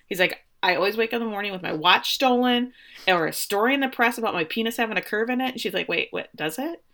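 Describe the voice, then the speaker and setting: Bright-voiced woman recapping a show. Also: a little high, fast. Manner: animated retelling, quoting characters. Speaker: podcast co-host. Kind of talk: casual recap chat.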